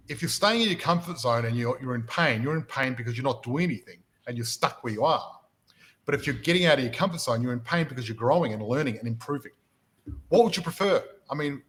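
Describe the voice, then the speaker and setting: This low-quality recording captures a medium-pitched man, a property mentor who hosts a motivational podcast. He speaks energetically while storytelling, often repeating words and restarting his sentences.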